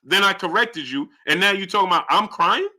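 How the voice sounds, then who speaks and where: A young man hosts a live boxing stream in a very bright, cutting voice. He argues hotly with viewers, and his pitch jumps up when he gets indignant. He talks fast and keeps pushing his point. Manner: heated, argumentative, rising pitch when indignant. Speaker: boxing channel host.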